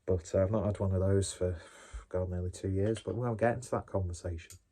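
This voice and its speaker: A man's voice: low-pitched, steady tone, fairly quick, warm tone, slightly rough. A man hosting a casual beer review, rambling and self-deprecating with sweary asides.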